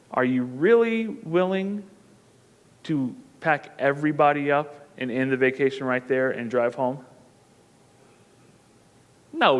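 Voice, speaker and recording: A man in his thirties gives a sermon in a church auditorium, his voice a little higher than most and carried by a long reverb. He talks in a loose, joking way to the congregation, then lifts into loud, emphatic stretches to drive a point home. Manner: conversational and joking, rising to emphatic bursts. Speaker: pastor.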